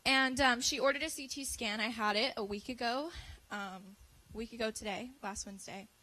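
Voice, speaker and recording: Teen girl, high bright voice, earnest church testimony. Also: fairly even intonation, moderate pace, rough recording. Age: teens. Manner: earnest, building to impassioned. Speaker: youth speaker giving a testimony. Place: church service.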